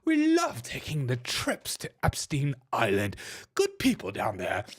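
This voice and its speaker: A man's voice: mid-range voice, wildly swooping pitch, a little slow, breathy edge, heavily acted. A man putting on a mocking impression of a pompous elderly British king, with an affected, posh, stiff-upper-lip manner. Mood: smug. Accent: mock posh British. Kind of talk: comedic impression.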